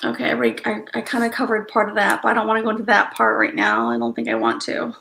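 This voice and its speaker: A woman hosting a casual livestream, greeting viewers by name, thinking out loud and apologizing often. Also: fairly high pitch, sing-song, fast, creaky, roomy sound. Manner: apologetic, drops to mutters and whispers. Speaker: livestream host.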